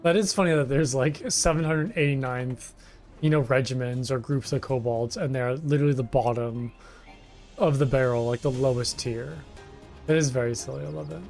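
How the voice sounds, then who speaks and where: A man's voice: medium pitch, fairly even intonation, normal speed, gravelly, darkish tone. A man streaming a video game, making amused, chatty asides between dialogue lines. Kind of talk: casual gaming commentary. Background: faint game music.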